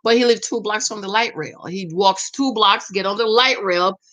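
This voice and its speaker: In a mid-range voice at a moderate pace, a woman chats casually and sassily about dating and marriage, aiming her words directly at women viewers. She keeps calling them "girl," delivers it all with animation, and acts out the voices of people she quotes.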